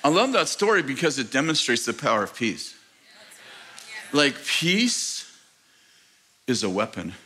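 A man's voice: medium pitch, sing-song, a little slow, long pauses, pushed and bright, slight background noise. An American man preaching a sermon as pastor, telling a story with laughter and acting out the voices of the people in it. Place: large church auditorium.

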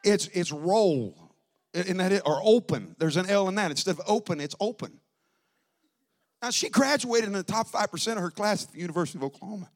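A man preaching a Pentecostal sermon, teasing and conversational at first, then building to shouted, drawn-out preaching. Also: sits high. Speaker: pastor.

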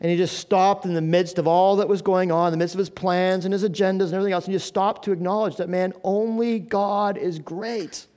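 A man's voice: sits high, flat delivery, quick pace, hardly any pauses, darkish tone. A male pastor preaching a sermon in an earnest, conversational way, asking the congregation questions.

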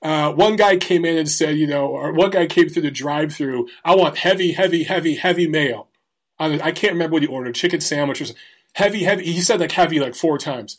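A man's voice: on the high side, fast talker. A man telling crude job stories in a casual, profane way, often laughing through the punchlines. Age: adult, former Marine. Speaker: storyteller. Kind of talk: casual storytelling.

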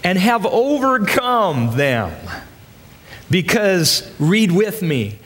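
A man preaching in a church sanctuary with a fairly high voice that swoops up and down. He presses his points hard and keeps throwing rhetorical questions at the congregation. The sound carries a long hall reverb. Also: sing-song, extremely slow, a bit bright, slight background noise. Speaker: pastor. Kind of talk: sermon.

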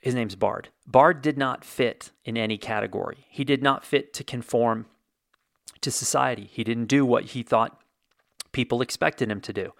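A man with a gravelly, fry-tinged voice tells casual stories to the camera. He is chatty and jokey, slipping into acted-out quotes. The sound is dry and close. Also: mid-range voice, moderate pace, no echo. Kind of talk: casual storytelling monologue.

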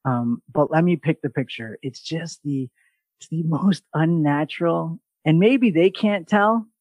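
A man's voice: fairly high pitch, unhurried, dry recording, highs cut off. New man telling stories, dry sound. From New York. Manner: animated, mimics other voices in quotes, swears casually. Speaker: podcast host. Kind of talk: casual storytelling chat.

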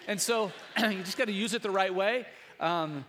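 A man's voice: high voice, moderate pace, fairly bright tone, big-room sound, a little hiss or hum. A man in his thirties, a pastor, preaching an Easter sermon, telling a family story in a conversational way that builds to emphatic preaching.

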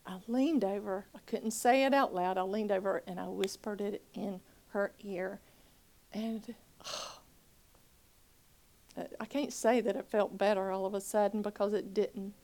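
A woman minister giving a personal testimony, swinging from loud pleading to near whispers and acting out her own past words. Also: fairly even intonation, a little slow. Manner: acts out her own past dialogue in a higher voice.

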